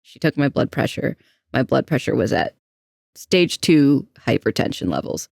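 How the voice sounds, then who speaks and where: Candid trans man with a gravelly voice. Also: mid-range voice, sing-song, normal speed, no echo, clean studio sound. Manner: candid, anxious, self-deprecating storytelling. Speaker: podcast co-host. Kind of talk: casual personal storytelling.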